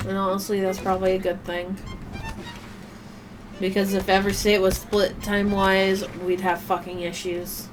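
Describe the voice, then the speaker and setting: A woman's voice: medium pitch, level tone, normal speed, over music. A woman streamer chatting casually while she plays a game, rambling and swearing offhandedly. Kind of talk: casual chat while gaming.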